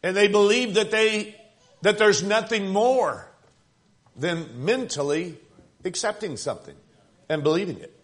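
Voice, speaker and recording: A man preaching a sermon in a conversational yet emphatic way, building up to forceful points and dropping to quiet asides. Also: high-pitched, expressive, a little slow, long pauses. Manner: emphatic, conversational preaching with rising and falling intensity.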